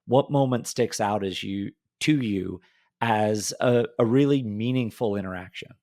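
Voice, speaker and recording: A man's voice: fairly low pitch, unhurried, darkish tone. A man hosting a podcast interview, chatty and casual, often hunting for his words with fillers. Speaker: podcast host.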